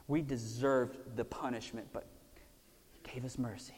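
A man preaching a sermon, swinging from loud emphasis down to hushed, almost whispered lines. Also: medium pitch, steady tone, measured pace. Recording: long hall reverb.

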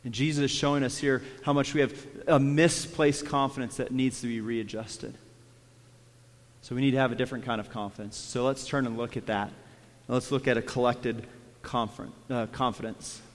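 A man preaching a sermon as pastor, dropping to hushed lines and then rising to emphatic ones, and acting out quoted prayers with feeling. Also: mid-range voice, steady tone, normal speed, big-room sound. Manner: swings between quiet hushed lines and raised emphatic ones.

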